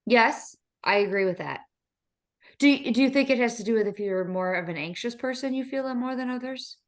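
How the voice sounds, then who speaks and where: A woman's voice: on the high side, fairly quick. A woman co-hosting a casual chat, playful and reassuring, asking lots of questions. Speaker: podcast co-host.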